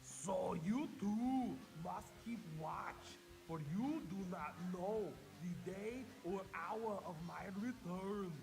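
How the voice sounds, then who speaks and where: A man putting on a deep, solemn voice to recite a scripture verse slowly. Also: gravelly, full character voice, low-quality recording.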